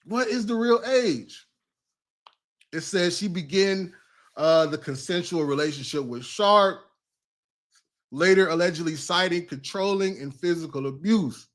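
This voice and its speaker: A man riffing on the news in casual reaction commentary. His voice sits high and he takes his time, slangy and quick to exclaim or laugh. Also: sharp tone.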